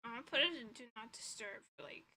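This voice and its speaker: On a poor recording with slight background noise, a woman speaks fast and expressively, her voice on the high side with a sharp edge. She's a vtuber and illustrator streaming from her own room, rambling casually, giggling, swearing, tired and stuffy.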